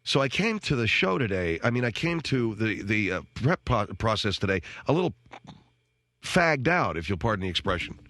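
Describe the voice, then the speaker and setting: A man's voice: fairly low pitch, sing-song, moderate pace, a bit bright, dry recording. A man hosting a radio show, ranting in a sarcastic, self-mocking comic monologue from a studio microphone. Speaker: radio talk show host.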